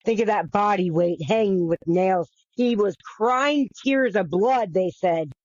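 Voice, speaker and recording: Earnest, halting podcast storyteller, dull sound. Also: medium pitch, no echo. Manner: halting and repetitive, earnest, with casual swearing. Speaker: podcast host. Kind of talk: casual retelling of a bible story. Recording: dull, dry lo-fi recording.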